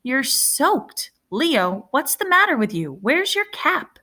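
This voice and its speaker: A protective older brother speaks in a soft, coaxing way, his voice lifted and warm with concern, as a woman narrating a story voices him. The pitch sits noticeably above her own reading voice. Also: very animated, slow pace, exaggerated voice. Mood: worried. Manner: coaxing, tender. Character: protective older brother, young man, gentle.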